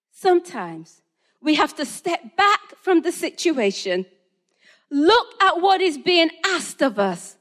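Lively, animated British woman preaching. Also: high voice. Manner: animated storytelling, acting out both sides of phone calls. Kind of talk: sermon with personal story.

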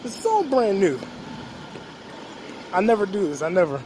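A man's voice: high voice, huge pitch swings, a little slow. A young man hosting a casual vlog outdoors on a city street, rambling and swearing as he jokes to himself. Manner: rambling, profane, joking to himself. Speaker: podcast host. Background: street traffic noise.

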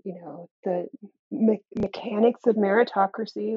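A woman's voice: mid-range voice, moderate pace, slightly rough, highs cut off. A woman math professor being interviewed, talking in a candid, earnest way with wry asides and frequent laughs. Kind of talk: conversational interview.

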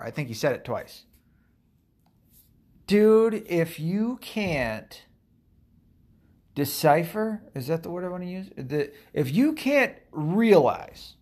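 Profane, sarcastic man ranting. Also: a little high. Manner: profane, sarcastic, rambling with many fillers. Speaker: political commentator. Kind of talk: casual ranting commentary.

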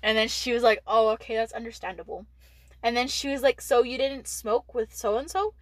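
A woman's voice: fairly high pitch, normal speed, no room sound, poor audio. A teenage girl from Texas telling a school story in casual chat, rambling with lots of "like" and frequent swearing. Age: late teens. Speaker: podcast co-host.

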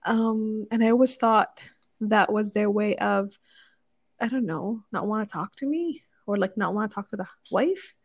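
A woman's voice: medium pitch, moderate pace, dry recording, highs cut off. A young woman chatting casually, thinking aloud with many fillers and restarts as she gives marriage advice. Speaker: speaker sharing advice on marriage. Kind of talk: casual chat.

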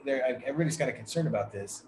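Rapid-fire and expressive, this podcast co-host speaks at medium pitch with a slightly mellow tone. He tells a long, profane, frustrated story in casual chat, recorded in an echoey room with faint background noise.

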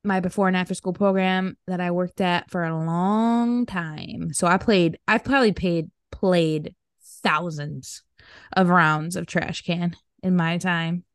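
A woman's voice: fairly low pitch, fairly even intonation, measured pace, clear, resonant tone, no room sound. A young woman co-hosting a casual podcast chat, chatty and laughing easily with slangy talk. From upstate New York. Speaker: podcast co-host.

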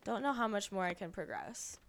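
A young woman co-hosting a podcast in casual chat, high on cannabis and giggling often. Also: big pitch swings, fairly quick, creaky. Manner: giggly, drifting, laughs often. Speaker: podcast co-host.

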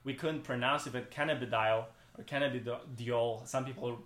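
A man's voice: mid-range voice, fairly even intonation, fast talker, sharp tone. Guy on a podcast rambling on, lots of likes and restarts, kinda echoey room. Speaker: podcast guest, brand co-founder. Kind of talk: casual interview chat.

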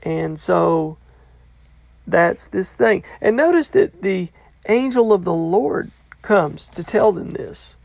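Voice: medium pitch, very animated, slow, creaky, a little mellow, no echo. A Bible study teacher talking casually through a passage, paraphrasing a commentator and checking in with the listener. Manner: loose and conversational, checks in with "okay?".

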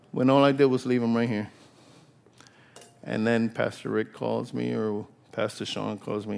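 An older man preaching a sermon, impassioned and repetitive, swinging between hushed whispers and loud, rising exclamations. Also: mid-range voice, flat delivery, moderate pace, gravelly.

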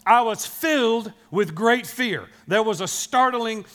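A man's voice: very high-pitched, animated, measured pace, pushed and bright. A man, a pastor, giving a sermon in a chatty storytelling way, often checking in with the listeners. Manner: conversational storytelling with frequent "right?" asides; addresses children in the congregation.

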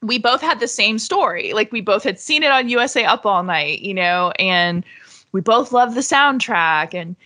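Woman from Florida, casual chat, bright tone, lots of fillers and restarts. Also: mid-range voice, expressive, normal speed. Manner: chatty, many fillers and restarts. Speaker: podcast guest.

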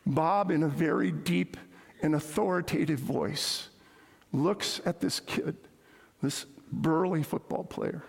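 A man's voice: a little high, slow pace, vocal fry, slightly rough. A man preaching a sermon as pastor, telling stories and repeating his key points. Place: church sanctuary. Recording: echoey hall with long reverb.

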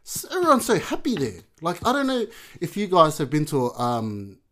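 Animated man, lively pitch. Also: normal speed. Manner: animated storyteller, playful exaggeration. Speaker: podcast co-host. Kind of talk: casual chat.

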